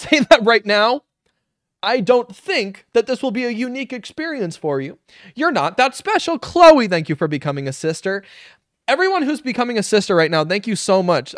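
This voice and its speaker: Male streamer, reaction host, sarcastic and foul-mouthed, very animated pitch, dry close sound. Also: no room sound. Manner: sarcastic, profane, lively, quick to laugh. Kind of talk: live-stream reaction commentary.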